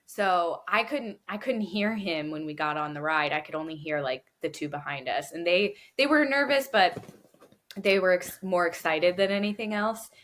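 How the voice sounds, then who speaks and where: A woman in her thirties co-hosting a podcast, telling a family story in a casual, animated way and laughing often. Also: fairly low pitch, moderate pace. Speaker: podcast co-host. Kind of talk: casual chat. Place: lives in Florida.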